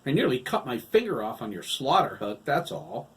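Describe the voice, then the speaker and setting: A man voicing an angry, sullen teenage farmhand who snaps and talks back loudly in an audiobook. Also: medium pitch, big pitch swings, normal speed, voice pushed up, natural voice. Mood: irritable. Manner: snappish, sarcastic and loud.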